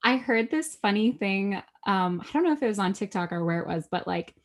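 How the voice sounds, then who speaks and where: A woman author appears as a guest on a podcast and chats in a lively, talkative way. Her voice is mid-pitched, and she often drifts into "like" and laughter. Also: fairly quick. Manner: animated, chatty, laughs often. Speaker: guest, author and manifestation coach. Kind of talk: casual chat.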